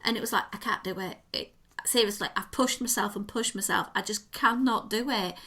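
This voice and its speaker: A woman co-hosting a podcast, telling a story in a lively, expressive way. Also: on the high side, a little fast, breathy edge. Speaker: podcast co-host. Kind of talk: casual chat.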